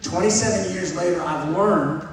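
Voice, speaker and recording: Middle-aged preacher in an echoey hall. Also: male voice, high voice, moderate pace. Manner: conversational, earnest preaching with asides to the congregation. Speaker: pastor. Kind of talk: sermon. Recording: echoey hall from far off, faint noise.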